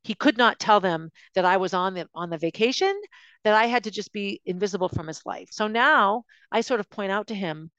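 A woman's voice: medium pitch, a little fast, fairly bright tone, clean tone, dry recording, muffled recording. Confiding woman telling her own story. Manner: emotional, confiding, with frequent restarts. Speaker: podcast host recounting her own life. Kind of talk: personal storytelling monologue.

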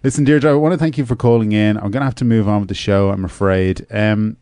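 Deadpan male radio host. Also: on the low side, fast talker, clean tone, dry recording, studio quality. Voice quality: deadpan, patient interviewer. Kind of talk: comedy phone-in show.

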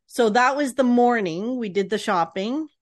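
A woman's voice: fairly high pitch, lively intonation, normal speed, no echo, studio quality. A woman co-hosting a podcast, chatting casually and enthusiastically, often restarting her sentences. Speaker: podcast co-host. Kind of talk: casual chat.

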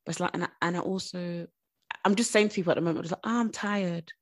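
A young woman co-hosting a podcast, telling stories in quick, animated casual chat. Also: on the low side, husky. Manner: quick, animated storytelling, many restarts. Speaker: podcast co-host.

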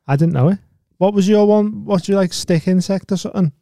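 Mellow English man bantering. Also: sits high, fairly quick, creaky, no room sound, clean studio sound. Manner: teasing, short replies and banter. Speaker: podcast co-host. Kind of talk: casual chat.

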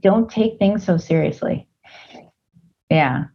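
Woman, interview guest, measured, low pitch, muffled audio. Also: breathy edge. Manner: thoughtful, measured, with frequent fillers. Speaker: interview guest, team leader. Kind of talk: casual interview.

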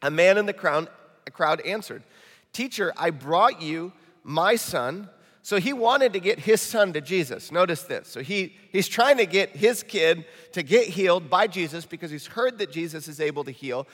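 A male pastor from Michigan with a Midwestern accent, preaching a lively, joking sermon in a church. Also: sits high, moderate pace. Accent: Midwestern American. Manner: animated, jokey storytelling preacher. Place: church auditorium. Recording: reverberant church hall.

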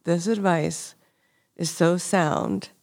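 A woman hosting a podcast, warm and encouraging as she wraps up and reads tips. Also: fairly low pitch, fairly even intonation, takes it slowly. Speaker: podcast host. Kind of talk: interview and scripted segment reading.

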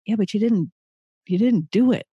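A man's voice: sits high, normal speed, husky, no echo, muffled recording. A man hosting a podcast, asking questions in a friendly, slightly unsure way and reading a closing outro. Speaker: podcast host. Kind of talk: casual interview, then scripted outro.

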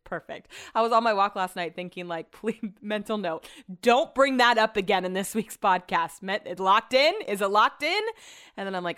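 A young woman casually telling stories to her viewers at home, animated and sprinkled with swearing and "like". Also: mid-range voice, brisk, clear, resonant tone. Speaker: vlogger. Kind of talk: casual chatty storytelling.

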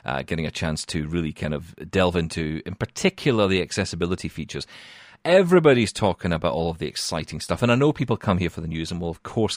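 Deep-voiced chatty man hosting a podcast. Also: no echo, clean studio sound. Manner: chatty, self-mocking, many fillers. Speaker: podcast host. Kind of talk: casual tech podcast chat.

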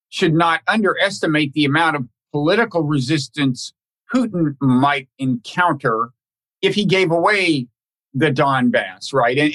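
A man hosting a podcast conversation, talking in a halting, thoughtful way with many restarts and repeated words. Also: a little high, a bit bright. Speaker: podcast host. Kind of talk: casual conversational interview.

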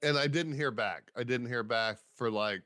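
A man, a stand-up comedian guest, telling stories in a casual interview, animated, acting out the voices of people he quotes and swearing freely. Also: mid-range voice, normal speed, no room sound, clean studio sound.

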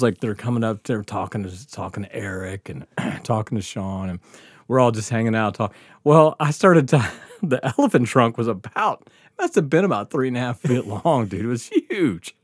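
In clean, dry studio sound, a podcast host with a mid-range voice spins a rowdy yarn at a moderate pace. He's animated and profane, cursing freely and breaking into frequent laughter as he tells the story casually.

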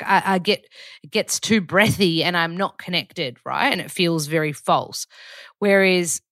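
A woman with a naturally very low register, hosting a podcast in a chatty, rambling diary-style check-in full of fillers. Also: moderate pace, a bit bright, no room sound, studio quality. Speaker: podcast host. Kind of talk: casual diary-style chat.

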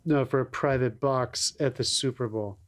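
A man's voice: medium pitch, normal speed. Man, podcast co-host, casual chat, joking, laughs often.

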